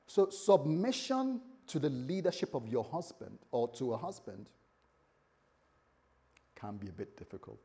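A man's voice: medium pitch, a little slow, gravelly, pauses often, breathy edge. A man preaching a sermon to his congregation, talking animatedly and checking in with the listeners as he goes. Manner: animated preaching with acted quotes and asides to the congregation. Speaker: pastor.

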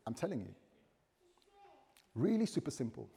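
A male pastor preaching a sermon in a conversational, animated way, acting out little dialogues. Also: mid-range voice, moderate pace, gravelly. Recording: long hall reverb.

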